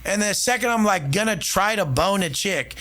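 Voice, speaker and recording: A man's voice: sits high, animated, moderate pace, bright, forceful tone. A man speaking brashly and profanely in boastful casual talk. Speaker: podcast guest.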